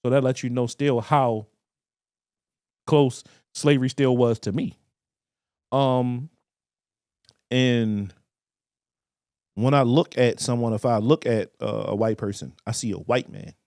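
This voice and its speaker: A man, co-hosting a casual podcast and telling stories with animated quoted voices. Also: medium pitch, slow, long pauses, no echo, studio quality. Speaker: podcast co-host.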